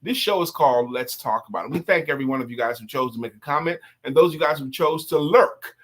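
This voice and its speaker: A man's voice: medium pitch, expressive, fast, fairly bright tone. A man co-hosting a live online talk show, chatting playfully and singing short greeting jingles to viewers. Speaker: co-host. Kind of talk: lively live-stream show banter.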